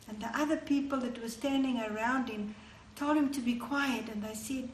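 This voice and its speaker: A woman's voice: on the high side, echoey room, a little hiss or hum. A woman telling a Bible story to children as a storyteller. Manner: slow, warm-toned teaching to children. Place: church hall.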